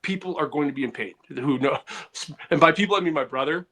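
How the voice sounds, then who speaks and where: Bright-voiced rambling comedian. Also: male voice, fairly high pitch, quick pace. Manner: rambling, animated, profane. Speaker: comedian and podcast co-host. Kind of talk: casual podcast banter.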